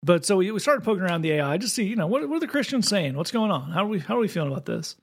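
A man with a Southern accent co-hosting a podcast, talking quickly and wryly in casual comedic chat. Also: high voice, very animated. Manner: quick, wry, with frequent restarts. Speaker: podcast co-host.

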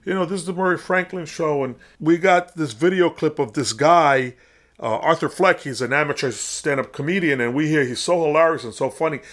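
A man's voice: a little high, brisk, voice pushed up, lightly acted. A man briefly voicing a brash male talk-show host in a showy announcer patter.

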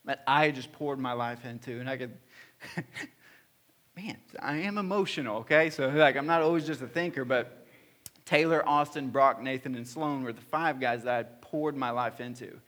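A pastor in his thirties speaks at normal speed with a steady, medium-pitched, fairly bright voice. His church hall sermon is earnest personal storytelling, broken by frequent restarts and fillers.

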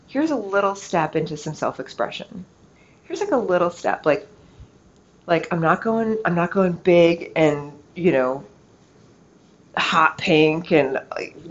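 A middle-aged woman hosting a casual storytelling podcast, chatty and animated, leaning on "like" a lot. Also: on the low side. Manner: chatty, animated, heavy use of "like". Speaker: podcast host. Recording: slightly dull lo-fi recording with faint noise.

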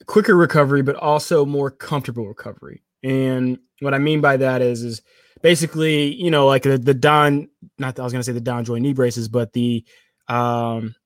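A man's voice: medium pitch, steady tone, normal speed, no room sound, studio quality. A man co-hosting a sports technology podcast, talking at length with restarts and self-corrections. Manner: rambling, self-correcting, playful aside. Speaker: podcast co-host. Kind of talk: casual sports tech chat.

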